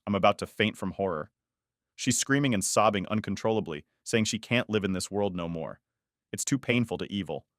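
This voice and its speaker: Low-voiced man reading a story. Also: fairly bright tone, no echo, clean studio sound. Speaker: story narrator. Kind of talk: reading an online post aloud.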